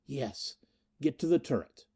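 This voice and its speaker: A man voicing a sardonic, commanding male pirate captain with a rasping note in an audiobook. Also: mid-range voice, expressive, unhurried, warm tone.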